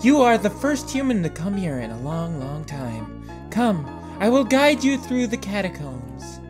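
A man voicing a gentle, motherly goat woman in a video game, speaking in a hushed, formal and soothing way. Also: high voice, big pitch swings, a little slow, over music. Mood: tender.

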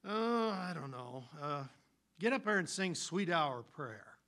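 A man voicing an unhurried older pastor who talks in a hesitant, mumbling way. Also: a little high, animated, bright, forceful tone, full character voice. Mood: offhand.

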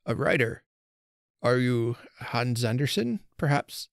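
A man's voice: mid-range voice, lively intonation, takes it slowly, gravelly, no room sound, clean studio sound. A man reading aloud as a frightened, humble old Father Christmas, speaking timidly and apologetically. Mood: timid pleading. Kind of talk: storybook reading.

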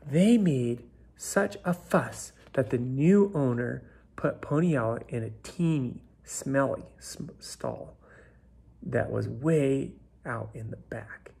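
Slow, gravelly-voiced man reading a storybook. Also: medium pitch, mellow. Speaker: storybook reader. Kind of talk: children's story read aloud.

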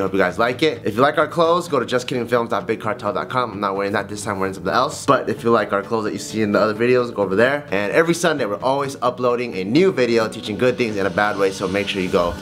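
A man in his thirties casually hosting a comedy channel outro, talking quickly. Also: on the low side, a bit bright, faint music behind. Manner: quick, casual, swears freely.

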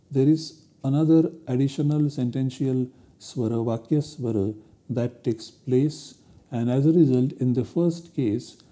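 A man's voice: medium pitch, mellow. A man giving a university lecture, explaining step by step in a methodical way.

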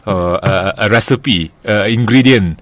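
A man's voice: on the low side, a little slow, no echo. A man hosting a casual podcast chat, asking questions in a chatty way with fillers. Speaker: host.

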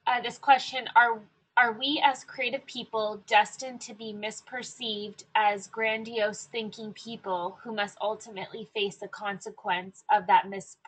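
A woman moderating a presentation, reading audience questions and comments aloud in an even, steady way. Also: medium pitch, unhurried, hardly any pauses, breathy edge, low-quality recording.

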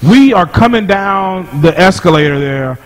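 A man chatting as a podcast guest, telling stories in an animated way and laughing often. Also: sits high, unhurried, poor audio. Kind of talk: casual chat.

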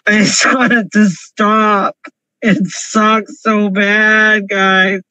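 A man's voice: sits high, level tone, extremely slow, sharp tone, no room sound, low-quality recording. A man crying through an emotional confessional vlog, pleading and repeating himself over and over from his parked car. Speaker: vlogger.

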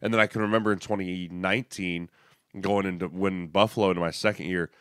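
Smooth lowish guy chatting football on a podcast, dry mic. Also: steady tone, fairly bright tone, no room sound. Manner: chatty and analytical, with quick asides. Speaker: podcast co-host, former NFL lineman. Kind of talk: casual podcast chat.

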